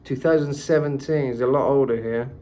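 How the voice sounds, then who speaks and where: A man's voice: mid-range voice, brisk, very noisy. Chatty male vocal coach. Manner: relaxed and chatty, full of "you know" and "kinda". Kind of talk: casual vocal analysis tutorial. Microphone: phone.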